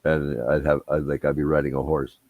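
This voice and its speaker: A man's voice: extremely low pitch, completely flat delivery, brisk, no room sound, phone-quality sound. A man telling rambling, profane anecdotes in casual chat. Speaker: storyteller.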